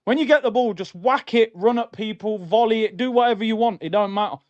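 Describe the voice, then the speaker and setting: Young guy ranting at his team on a watchalong stream, kinda high voice, fed up and slangy. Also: brisk, highs cut off. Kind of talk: live match reaction and reading chat.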